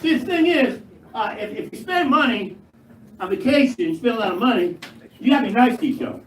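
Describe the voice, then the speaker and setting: An older man performing a stand-up routine on stage, gruff and profane with punchy, jumpy delivery. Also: very high-pitched, very animated, fairly quick. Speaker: stand-up comedian. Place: live comedy club stage. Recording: echoey live room, mic far, crowd noise. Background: audience laughter.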